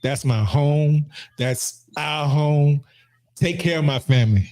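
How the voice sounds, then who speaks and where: A man's voice: on the high side, slow, a little mellow. A man hosting a casual podcast, talking earnestly and often repeating and restarting his words. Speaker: podcast host and barber. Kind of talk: casual heartfelt conversation.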